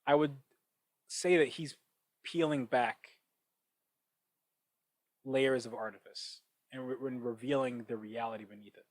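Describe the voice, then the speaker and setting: A man talks through his ideas in a loose, reflective solo podcast, circling back and restarting as he thinks. His voice sits at an ordinary middle pitch. The sound is dry and close, from a cheap microphone. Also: unhurried, long pauses, no room sound, low-quality recording. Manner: thinking out loud, with frequent restarts and asides. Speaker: podcast host. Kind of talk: casual reflective monologue.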